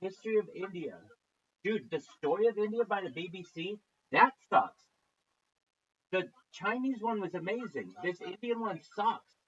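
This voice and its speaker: A man streaming as he reacts to videos, swearing constantly and mocking what he watches, with loud outbursts. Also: sits high, lively intonation, normal speed, husky, muffled recording. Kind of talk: profane reaction rant.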